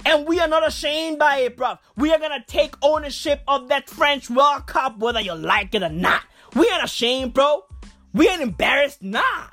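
A woman's voice: high-pitched, expressive, moderate pace, a bit bright, soft background music. A woman from Africa in a brash, profane, slangy comic rant, walking outdoors. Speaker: vlogger.

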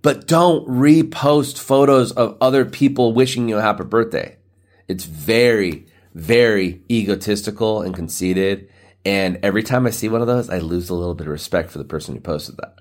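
Male podcast host, late thirties, very deep voice, rough and loose, rambles with lots of filler. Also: moderate pace. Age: 30s. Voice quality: morning-rough voice. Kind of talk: casual solo podcast rant.

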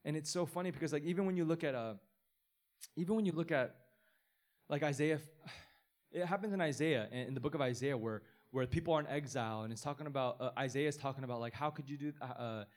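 A man's voice: a little high, fast. A man, a pastor, giving an informal, earnest sermon in a conversational way, often restarting his sentences.

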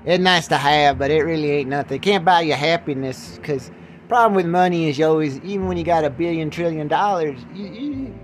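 A man's voice: a little high, brisk, soft background music, poor audio. A man hosting his own podcast, rambling casually in a joking, self-mocking way. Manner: joking, self-mocking, jumps into put-on voices. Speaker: podcast host.

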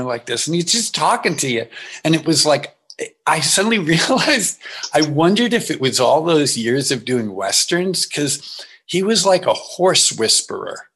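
A man's voice: a little high, normal speed, breathy edge. A man, an actor guest in an interview, telling anecdotes with laughs and acted-out quotes. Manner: animated, laughing, acts out quotes.

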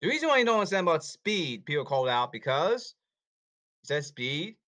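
A man's voice: fairly high pitch, very animated, brisk, bright, forceful tone. Agitated man ranting on a podcast. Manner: agitated, repetitive, scolding. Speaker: podcast host.

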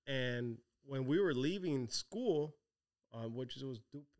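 A man's voice: mid-range voice, lively intonation, slow, darkish tone, clear, resonant tone. A male podcast host in casual chat, playful and teasing, full of slang and Spanish asides.

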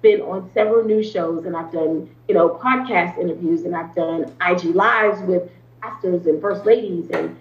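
A woman's voice: on the low side, normal speed, a little hiss or hum. A woman therapist speaking as an interview guest, explaining earnestly at length with frequent ums and restarts. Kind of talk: conversational interview talk. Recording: roomy, slightly dull sound.

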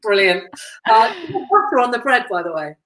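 A woman hosts a podcast in relaxed conversation. She is chatty and upbeat and laughs easily as she asks her guest light questions. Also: on the high side, brisk, a little hiss or hum, rough recording. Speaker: podcast host. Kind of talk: casual interview chat.

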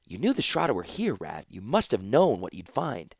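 A man's voice: lowish voice, huge pitch swings, normal speed, vocal fry, no room sound, studio quality, heavily acted. A man voicing a tough female warrior who talks in clipped, urgent lines in an audiobook. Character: tough blunt female warrior, terse and practical. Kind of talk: audiobook character voice.

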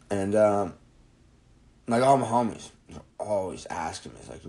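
A man's voice: low-pitched, expressive, normal speed, pauses often, a little mellow, breathy edge, rough recording. A man in his twenties hosting his own podcast, rambling and joking with plenty of swearing in casual monologue. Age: 20s. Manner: profane, rambling, jokey. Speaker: podcast host.

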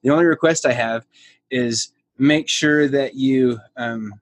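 A man hosting a podcast, easygoing and quick to laugh in casual chat. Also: mid-range voice, dry recording. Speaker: podcast host.

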